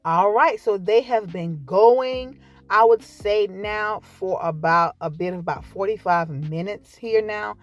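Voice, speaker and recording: A woman's voice: medium pitch, unhurried. A woman hosting a casual cooking vlog, chatty and folksy, calling her viewers y'all and baby. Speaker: cooking channel host. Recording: faint background music.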